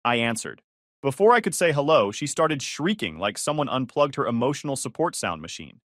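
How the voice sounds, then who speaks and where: A man giving a sardonic, deadpan first-person story narration into a close mic. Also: medium pitch, brisk, dry recording.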